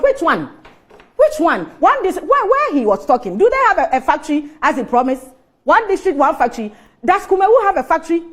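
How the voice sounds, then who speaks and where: A woman with a Ghanaian English accent, a guest on a TV studio talk show, giving heated political commentary full of mocking rhetorical questions. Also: sits high.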